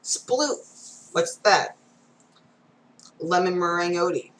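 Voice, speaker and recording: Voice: medium pitch, a little slow, a bit bright, rough recording. A reader going through comic strips aloud, reading every panel and sound effect, with casual asides.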